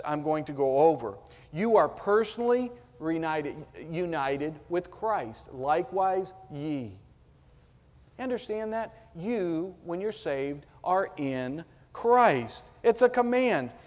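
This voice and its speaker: A man delivering a Sunday sermon in a church sanctuary, his slightly raised voice carrying through long reverb. He takes his time and weighs each phrase. He presses his points with questions thrown out to the congregation. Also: high-pitched. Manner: slow, emphatic preaching with rhetorical questions. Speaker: pastor.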